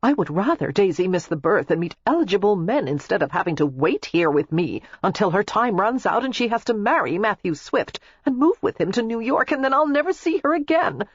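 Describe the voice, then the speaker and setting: A reader voicing a fretful, outspoken young pregnant wife who exclaims impatiently, in a husky voice. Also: female voice, medium pitch, sing-song, brisk, few pauses, no room sound, highs cut off, voice pushed up. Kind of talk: audiobook character voice.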